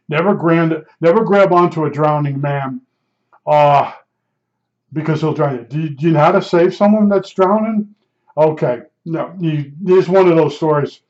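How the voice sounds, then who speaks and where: A man in his seventies tells family stories in a loose, digressive way, drifting into one aside after another. His voice sits a little high for a man. The recording sounds dull and lo-fi. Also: darkish tone. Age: 70s. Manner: rambling, digressive, many asides. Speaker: vlogger. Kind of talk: casual personal storytelling.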